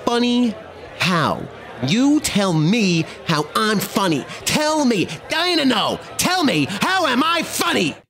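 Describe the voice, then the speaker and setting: A man's voice: extremely high pitch, sing-song, a bit bright, voice pushed up, heavily acted. A man doing a New Jersey mobster impression, brash and menacing, in a comedy bit. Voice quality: brash, menacing, rapid-fire. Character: hot-tempered male New Jersey mobster.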